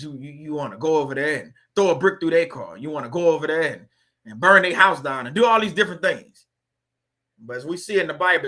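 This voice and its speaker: A man's voice: on the high side, pushed and bright. A man hosting a faith-based video channel, talking in a casual, preachy way and putting rhetorical questions straight to his viewers.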